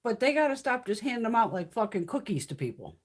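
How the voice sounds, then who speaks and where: A woman in her fifties chatting on her own livestream, with a voice that is fairly high and swings widely in pitch. She swears hard and rants bluntly, sounding fired up. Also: sing-song, fast, slightly rough. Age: 50s. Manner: profane, blunt ranting. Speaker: beauty livestream host. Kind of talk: casual livestream chat. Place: home, mountain area.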